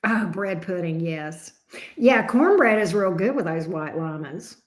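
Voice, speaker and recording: A woman's voice: on the low side, animated, unhurried. A woman hosting a casual livestream chat, answering viewers by name. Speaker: tarot reader hosting a livestream.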